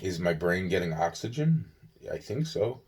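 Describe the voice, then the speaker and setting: A man's voice: deep voice, big pitch swings, normal speed, darkish tone, a little hiss or hum. A young man rambling on in a casual monologue, swearing often, yawning and tired. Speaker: vlogger.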